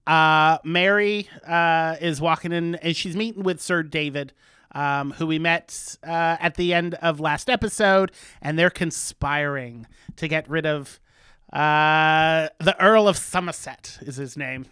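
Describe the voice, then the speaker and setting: A man's voice: on the high side, unhurried, pushed and bright, clear, resonant tone, no echo, studio quality. A man co-hosting a podcast, casually recapping a TV episode with many ums and uhs. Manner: filler-heavy storytelling, many ums and uhs. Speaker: podcast co-host.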